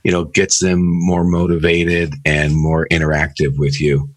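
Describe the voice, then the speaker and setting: A man's voice: very deep voice, completely flat delivery, unhurried, no echo. A man co-hosting a radio talk show, chatting casually and telling stories. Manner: chatty, anecdotal. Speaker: co-host lawyer.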